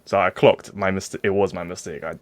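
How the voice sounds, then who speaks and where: A man's voice: deep voice, fairly even intonation, fairly quick, no echo. A young man telling a story on a group video call, laid-back and laughing, using street slang. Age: young adult. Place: hot room with windows open.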